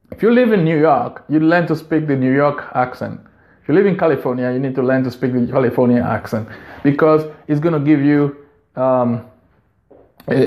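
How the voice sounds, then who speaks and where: A man's voice: fairly high pitch, a little mellow. A man hosting a video, giving business advice in an unscripted monologue, earnest and repeating phrases for emphasis.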